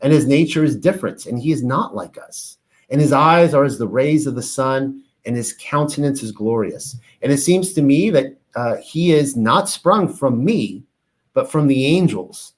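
A man's voice: medium pitch, lively intonation, moderate pace. A man teaching on ancient religious texts, reading passages aloud and then explaining them in a casual, filler-laden way. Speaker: bible teacher.

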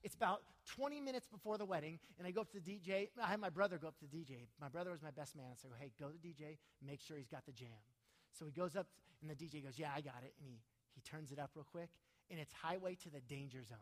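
A man's voice: a little high, quick pace, big-room sound. A man in his thirties preaching, telling a personal story and then praying, his voice swelling at emotional peaks. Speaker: pastor. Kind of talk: sermon with personal story and prayer.

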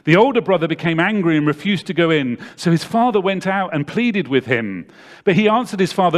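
Preacher guy, kinda high voice, gets loud then goes real quiet, dramatic sermon. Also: animated, fairly quick. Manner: dramatic, swings from loud to hushed.

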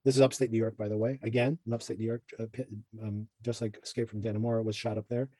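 Male podcast host, chatty recapper; warm, slightly husky, dry close mic. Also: lowish voice, little pitch movement, fast talker, no echo. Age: adult parent. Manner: chatty, rambling with fillers and asides. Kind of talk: casual TV recap chat.

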